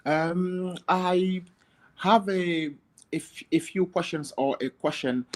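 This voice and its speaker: A man calling in to a live show who speaks haltingly and hesitantly. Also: sits high. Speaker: caller.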